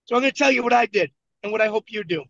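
A coach and team leader from Buffalo, New York speaks rapid-fire with lively intonation in a high, gravelly, slightly bright voice. He leads a motivational session from a moving vehicle, repeating points emphatically as he shares his story. The video call audio is dull and lo-fi, with no room sound.

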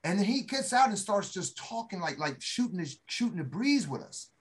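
A middle-aged man telling a story in a casual chat, animated and acting out the voices of the people he quotes. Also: high voice, moderate pace, husky. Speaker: podcast co-host, Army veteran.

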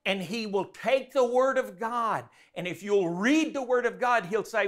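A man preaching a sermon in an animated way, often acting out the voices in his stories. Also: high voice, a little slow. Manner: animated, acts out quotes.

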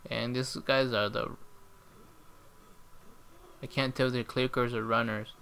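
A man giving excitable live gameplay commentary, reacting aloud and talking to his viewers as he plays. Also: medium pitch, unhurried, creaky, clear, resonant tone.

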